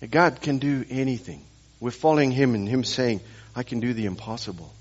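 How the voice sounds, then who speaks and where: A male pastor preaching at a moderate middle pitch, telling stories and firing rhetorical questions at his listeners. He repeats key phrases for emphasis. The recording sounds slightly dull and muffled. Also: a little fast. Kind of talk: sermon.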